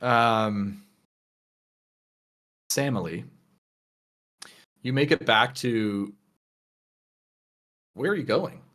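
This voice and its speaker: A man narrating as game master of a tabletop game, relaxed and full of fillers. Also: mid-range voice, drawn-out words, pauses often.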